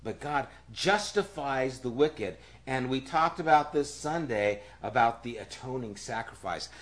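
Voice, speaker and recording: Man, pastor, sermon, emphatic, repeats himself, drops to near-whispers, mid-pitched voice. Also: expressive, measured pace. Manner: emphatic, repeats key phrases.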